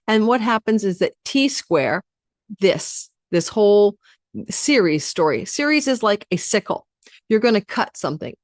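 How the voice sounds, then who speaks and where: A woman astrologer giving a chatty weekly forecast, talking fast and speaking straight to her viewers. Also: mid-range voice, lively intonation, dry recording, clean studio sound. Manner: addresses viewers directly.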